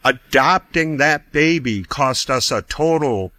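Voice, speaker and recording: At a medium pitch and slow pace, a middle-aged man shares a story from his own life in a relaxed way. He animatedly acts out what others said and keeps chuckling as the guest.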